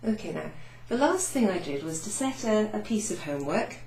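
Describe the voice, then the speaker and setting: A woman French teacher recapping a beginners' lesson, chatty, saying French phrases slowly with teacherly emphasis. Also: medium pitch, big pitch swings, a little mellow. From Wales. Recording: echoey room with faint noise.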